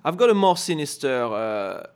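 A man's voice: mid-range voice, very animated, moderate pace, clean tone. A man from France with a French accent, co-hosting a comedic podcast in careful English and searching for words. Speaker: podcast co-host. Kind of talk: casual comedic podcast chat.

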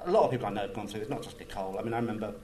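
A man's voice: fairly low pitch, racing, warm tone, far from the mic, a little hiss or hum, low-quality recording. A man, a screenwriter, talking in an interview in a rambling, wry, hesitant way.

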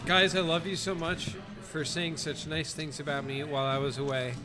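A man in a casual podcast chat, talking in a relaxed way with many ums. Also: a little high, normal speed. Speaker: podcast co-host.

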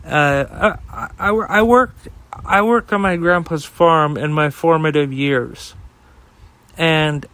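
A man's voice: a little high, fairly bright tone, clean tone, no echo, rough recording. A man hosting a podcast alone, ranting in a heated, profane way, with fillers and repeated starts. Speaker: podcast host. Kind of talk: casual solo rant.

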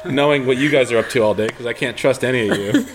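A young man co-hosting a casual podcast, telling a story with lively quoted voices. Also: medium pitch, fast, music in the background. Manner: animated storytelling, acts out quoted talk. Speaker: podcast co-host. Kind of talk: casual chat.

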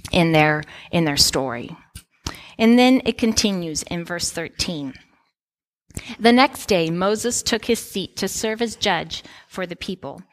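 A woman in her thirties gives a sermon, telling personal stories in a conversational way with playful asides. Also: medium pitch. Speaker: preacher.

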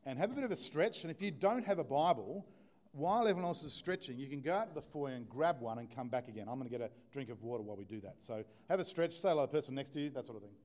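A man's voice: medium pitch, animated, very fast, a little mellow. A male pastor delivers his sermon in a chatty, easygoing way. He keeps it informal and jokes with the congregation, a church setting behind his words. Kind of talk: conversational sermon.

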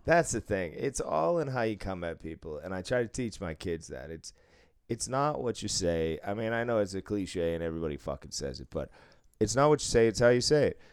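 A man in his thirties tells a work story in relaxed chat, cursing often and slipping into the voices of the people he quotes. His voice is smooth and clear. The sound is dry, with no room echo. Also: lowish voice, brisk. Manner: profane, animated, acts out quotes. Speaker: casino supervisor telling a story.

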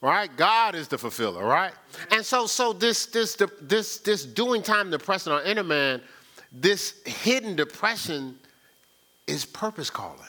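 A man's voice: high voice, big pitch swings, unhurried, bright, forceful tone. A male pastor preaching a sermon in a colloquial, conversational way, often asking the crowd "right?". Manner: call-and-response, asks "right?".

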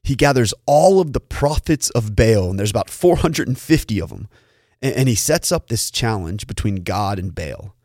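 A pastor tells a story in an earnest, preaching way, often doubling words as he restarts. His voice sits on the low side. The recording is dry and close. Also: sing-song, moderate pace, a little mellow, dry recording. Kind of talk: sermon storytelling.

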